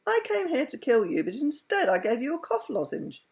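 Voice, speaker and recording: A timid, fussy little man frets in a raised, anxious voice, as a woman reading a storybook puts him on. The voice sits high above the reader's own, with a gravelly edge. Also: wildly swooping pitch, normal speed, exaggerated voice. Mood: fretful.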